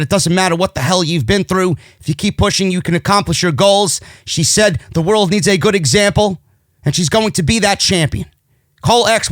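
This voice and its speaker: A man's voice: high-pitched, fairly bright tone, no echo, studio quality. A man with a New York accent recapping a wrestling show in a sarcastic, exasperated rant, swearing often. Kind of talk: profane ranting show recap.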